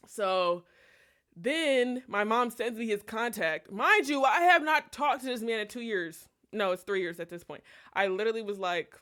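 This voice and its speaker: Animated, swearing woman telling a story. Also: on the high side, moderate pace. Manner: animated, profane, digressive. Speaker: streamer. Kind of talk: casual storytime on a livestream.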